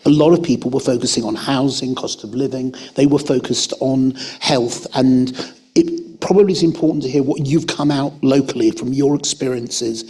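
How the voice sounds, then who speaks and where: A man with a husky voice addressing a formal meeting reflectively and inviting others to give their input. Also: medium pitch, steady tone, moderate pace, dark tone. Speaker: meeting panelist.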